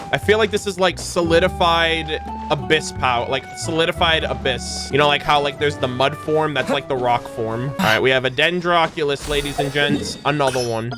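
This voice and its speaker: A high-pitched man giving excitable, slangy let's-play commentary, reacting out loud to every surprise on screen. Faint game music plays underneath his voice. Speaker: gaming streamer.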